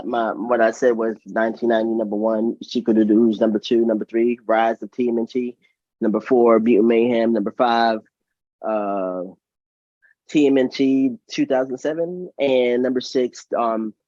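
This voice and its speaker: A man hosting a casual podcast chat, enthusiastic and rambling, with quick apologetic asides. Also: medium pitch, a little mellow, no echo, highs cut off. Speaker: podcast host.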